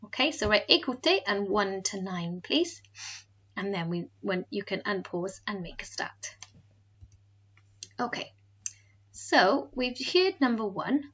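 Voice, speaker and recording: A woman teacher talks a class through a recorded lesson. Her voice is bright and forceful, and she explains clearly and patiently. The recording sounds a little dull. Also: medium pitch, sing-song, measured pace, long pauses. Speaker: French teacher.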